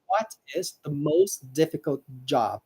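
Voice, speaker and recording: A woman teaching a live online English lesson, patiently repeating words slowly for pronunciation. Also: low-pitched, lively intonation, darkish tone, husky, no room sound, low-quality recording.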